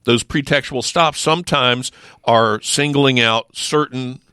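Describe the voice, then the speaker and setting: A middle-aged man speaks as a regular guest in a radio studio. His voice is bright and forceful, and the close mic gives a dry sound. His talk is emphatic, with rhetorical questions and quick restarts. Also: mid-range voice, clean tone, no echo. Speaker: sheriff's office lieutenant, regular guest. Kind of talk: casual studio chat.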